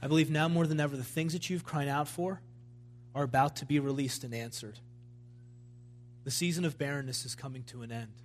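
A man's voice: medium pitch, steady tone, brisk. A man preaching a sermon at a church service, in a fervent, emphatic style that builds in intensity.

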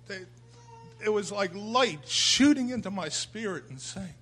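An older man speaking at a church service, halting and emotional, rising to fervent exclamations. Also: high-pitched, expressive, fairly bright tone, husky. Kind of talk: informal sermon.

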